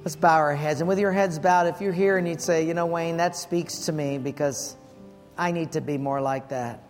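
A man's voice: on the high side, steady tone, moderate pace, in a large hall, faint music behind. A male pastor giving a sermon, telling a personal story with quoted dialogue and then leading a prayer. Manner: storytelling, earnest, quotes dialogue, prays aloud. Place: church sanctuary.

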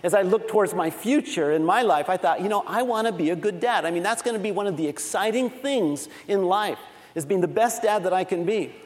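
A man's voice: high voice, expressive, brisk, in a large hall. A middle-aged man preaching a sermon, telling family stories with a laughing, self-deprecating manner. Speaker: pastor.

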